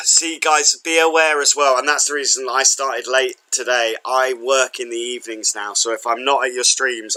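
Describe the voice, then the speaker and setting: Bright-voiced chatty streamer. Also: male voice, mid-range voice, rough recording. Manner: chatty, rambling, self-deprecating. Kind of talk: casual livestream chat.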